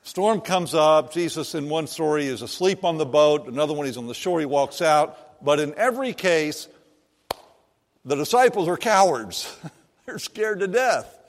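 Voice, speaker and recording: A pastor giving a sermon in a church, reading scripture aloud and then preaching in an animated, conversational way. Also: male voice, on the high side. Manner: slow and animated, voicing the disciples and Jesus in quoted lines. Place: church sanctuary. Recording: long reverb of a large hall.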